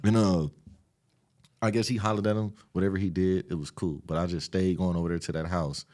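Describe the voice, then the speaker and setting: A man from the Los Angeles area, a podcast guest retelling his past in an animated, streetwise, profane way. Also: deep voice, fairly quick. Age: adult, after an 18-year sentence. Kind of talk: casual storytelling interview.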